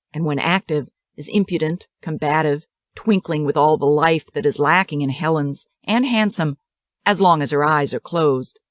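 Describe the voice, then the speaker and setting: A woman narrating the stage directions of a play in a steady, descriptive reading. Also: sits low, no echo, studio quality. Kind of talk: dramatic reading of a play script.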